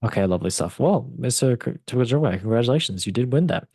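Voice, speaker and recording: A man's voice: mid-range voice, lively intonation, racing, mellow, slightly rough. A man hosting a football podcast quiz, joking and mock-dramatic in a casual chat. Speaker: podcast host running a quiz.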